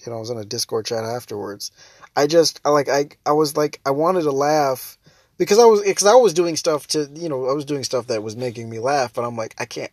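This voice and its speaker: Husky young man ranting sarcastically. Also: medium pitch, no echo, clean studio sound. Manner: ranting, sarcastic, laughs often. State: has a headache, holds back laughter. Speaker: podcast and stream host. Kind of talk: casual solo monologue.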